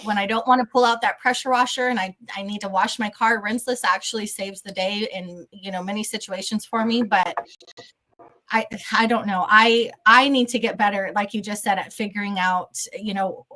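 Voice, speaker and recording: A woman's voice: medium pitch, steady tone, normal speed, bright, forceful tone, low-quality recording. A woman hosting a podcast in casual chat, chatty, laughing often and trailing off. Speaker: podcast host.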